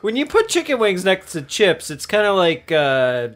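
A man co-hosting a casual snack-tasting chat, excitable and playful and laughing often. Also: high voice, moderate pace. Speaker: podcast co-host tasting snacks.

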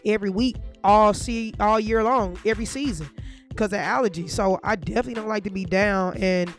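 A vlogger who is sick with a sore throat, talking straight to camera in a casual, profane, increasingly heated rant. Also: medium pitch.

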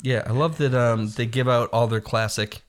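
A man in casual chat about movies, animated and quick to laugh, slipping into quotes of film lines. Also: medium pitch.

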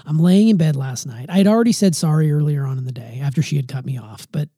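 A man's voice: on the high side, fast talker, mellow, husky, dry recording, studio quality. A man in his forties hosting a podcast with his daughter, talking candidly and playfully about his own faults. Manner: candid, self-deprecating, playful. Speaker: podcast host. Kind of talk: casual family podcast chat.

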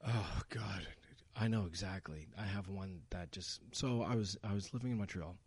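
A man's voice: low-pitched, normal speed, slightly rough, no room sound. A young man in casual chat, telling a long anecdote with many restarts and fillers.

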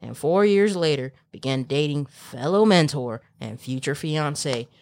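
A woman hosting a casual podcast, animated and profane, dropping Spanish words. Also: low-pitched, a little slow. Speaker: podcast host. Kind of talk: casual chat.

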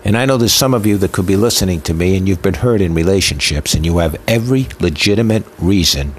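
A low-pitched man of Italian heritage preaches a sermon at a quick pace, his impassioned, emotional delivery built on rhythmic repetition. A little hiss or hum sits in the recording.

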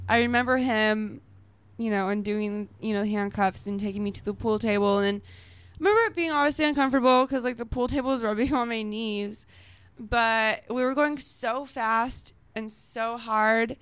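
A woman's voice: fairly high pitch, steady tone, measured pace, a bit bright, clear, resonant tone. A young adult woman chatting candidly as a podcast guest, giggling as she tells stories. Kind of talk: casual chat.

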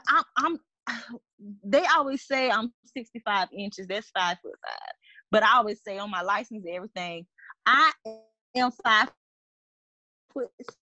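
A woman telling dating stories in a casual chat with friends, animated and laughing often. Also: fairly high pitch, dry recording, lo-fi sound.

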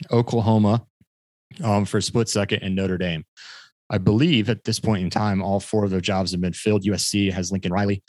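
A man's voice: on the low side, no room sound. A man hosting a casual sports podcast, chatty and jokey, laughing often. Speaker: podcast host.

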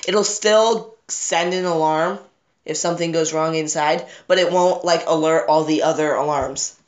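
A woman's voice: low-pitched, fairly even intonation, moderate pace. A woman in a casual group chat, explaining in a matter-of-fact way. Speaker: youth group member. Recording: roomy echo.

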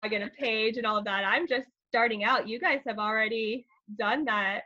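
Woman, school counselor, podcast guest, earnest, step-by-step explaining, bright, lo-fi audio. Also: on the high side, fairly even intonation, moderate pace. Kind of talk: casual podcast interview. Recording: slightly dull, lo-fi sound.

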